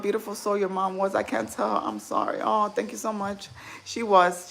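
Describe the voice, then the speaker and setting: A woman hosting a casual livestream, telling heartfelt family stories and reading viewer comments aloud. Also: medium pitch. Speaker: livestream host.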